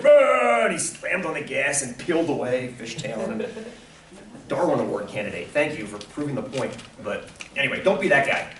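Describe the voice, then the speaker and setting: A male teacher giving a casual, animated classroom lecture, encouraging students and asking them questions. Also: mid-range voice, slight background noise. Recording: echoey classroom from far off.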